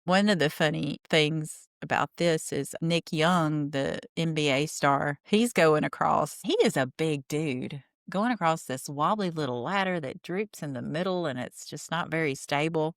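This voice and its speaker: Low-voiced woman recapping a reality show. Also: normal speed, creaky, few pauses, no room sound, studio quality. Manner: chatty, wry, gossipy. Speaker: podcast host. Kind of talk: casual TV recap.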